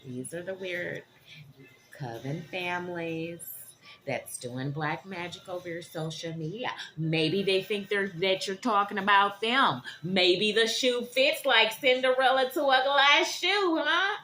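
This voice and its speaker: Woman, tarot reader, bright tense voice, dramatic, chatty, faint noise behind. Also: mid-range voice, unhurried. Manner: animated, keeps asking "okay?". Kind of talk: tarot reading to viewers.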